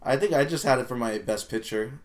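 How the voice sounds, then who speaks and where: A man's voice: medium pitch, brisk. A man co-hosting a podcast, chatting in a dry, laid-back way. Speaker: podcast co-host. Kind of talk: casual chat.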